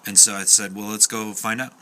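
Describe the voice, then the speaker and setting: A man's voice: lowish voice, little pitch movement, fairly quick, bright, forceful tone, slight background noise. A young man casually telling a true story, chatty, with fillers and acted-out quotes.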